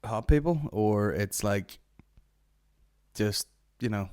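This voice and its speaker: Male podcast host, low voice, dry close mic, rambling profane comic rant. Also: slow pace, clear, resonant tone, no echo. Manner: rambling, profane, deadpan storytelling.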